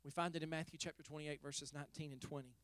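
A middle-aged male pastor preaching a sermon, telling a story softly and then rising to fervent exhortation. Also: a little high, fairly even intonation, fast, no room sound. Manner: storytelling, swings from hushed to fervent.

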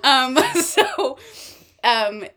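Animated woman recapping, laughing a lot. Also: high voice, drawn-out words. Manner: animated storytelling, acting out quoted lines, laughs often. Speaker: podcast co-host. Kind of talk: casual chat recapping a TV episode.

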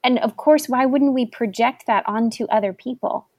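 A woman's voice: a little high, normal speed, a little mellow, no echo, studio quality. A woman hosting a casual conversation, reflective and empathetic as she responds to her guest. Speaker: host. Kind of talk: casual chat.

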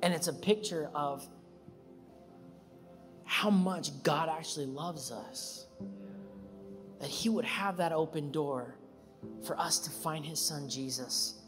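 A man's voice: slow pace, pauses often. Emphatic male pastor preaching in a reverberant hall. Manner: emphatic, builds to loud high peaks then drops to calm storytelling. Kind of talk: sermon. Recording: reverberant church hall with music.

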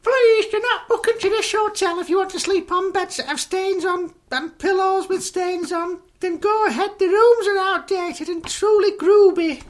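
Man putting on a shrill, prim lady reviewer. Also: moderate pace, few pauses. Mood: indignant. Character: fussy disgusted woman hotel reviewer. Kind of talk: comic reading of a review.

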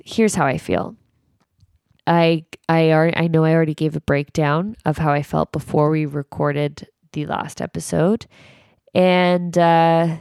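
Frank gravelly-voiced woman podcaster. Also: a little mellow, no room sound, clean studio sound. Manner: rambling and frank, swoops up high when quoting people. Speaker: podcast co-host. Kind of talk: candid podcast monologue.

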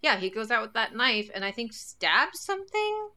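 A woman co-hosting a casual film discussion, slangy and quick to laugh. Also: fairly high pitch, sing-song, bright, forceful tone. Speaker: podcast co-host.

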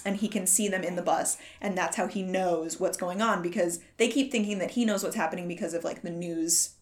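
A woman co-hosting a laid-back movie podcast, recounting scenes with lively energy and the odd swear. Her pitch sits mid-range, and she talks in a loose, conversational way. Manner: animated retelling with acted-out quotes, swears casually. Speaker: podcast co-host. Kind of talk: casual movie recap chat.

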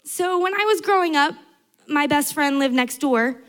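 A woman's voice: sits high, animated, normal speed. A young adult woman preaching a sermon to a large church, earnest and emphatic, building through repetition.

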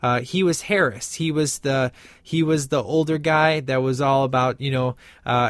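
A man's voice: medium pitch, moderate pace, no echo, clean studio sound. A man giving a casual spoken film review, rambling with lots of "uh" and "you know" and quoting lines from the movie. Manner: rambling, many fillers, quotes lines from the film.

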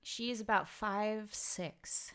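A woman's voice: mid-range voice, takes it slowly, clean tone. Rambling woman podcaster telling family stories. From Pennsylvania. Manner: rambling, full of fillers and asides. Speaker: podcast host. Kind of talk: casual storytelling chat.

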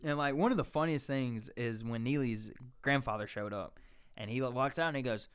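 A young man telling an animated, profane story on a casual podcast and acting out the voices of the people in it. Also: medium pitch, normal speed, clear, resonant tone.

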